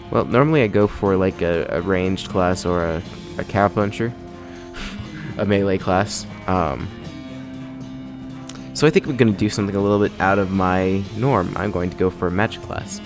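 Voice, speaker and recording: A man's voice: low-pitched, moderate pace, pauses often, music in the background. A young man giving casual let's play commentary, hesitant with many ums, now and then reading game text aloud in a put-on cowboy drawl. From the American West. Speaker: gamer.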